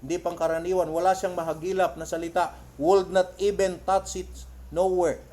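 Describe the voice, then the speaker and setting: A Filipino man preaching a church sermon. He reads English quotes slowly and loudly, then retells them in quick Tagalog. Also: high-pitched, little pitch movement. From Philippines.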